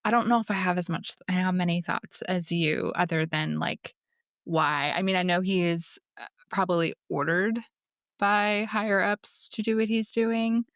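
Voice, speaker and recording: A woman's voice: on the low side, steady tone, normal speed, fairly bright tone, no echo, studio quality. A young woman co-hosting a book podcast in casual chat, hesitant and asking questions. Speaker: podcast co-host.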